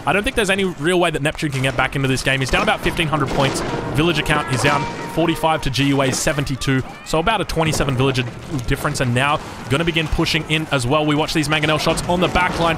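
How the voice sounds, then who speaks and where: Over music, an Australian man with a fairly high voice delivers fast, chatty play-by-play for a strategy game. This game caster corrects himself as he goes and bursts into excited hype at big moments.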